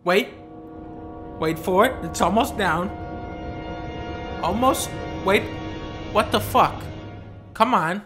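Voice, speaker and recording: A man giving comedic gameplay commentary, profane and mocking, dropping to low mutters and then bursting into shouts. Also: slow pace, long pauses, music in the background.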